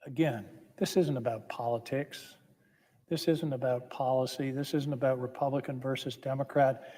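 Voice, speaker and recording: A man's voice: mid-range voice, fairly even intonation, moderate pace, dark tone. A man giving a formal, impassioned floor speech as a senator, emphatic and building with repeated phrases. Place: legislative chamber. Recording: long reverb of a large chamber.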